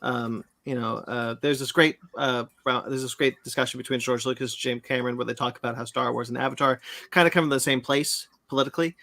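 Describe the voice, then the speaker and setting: A man's voice: mid-range voice, fairly even intonation, fast, creaky, bright, forceful tone, dry recording. A man hosting a podcast, talking loosely about a film with many hesitant fillers. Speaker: podcast host. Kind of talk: casual film discussion.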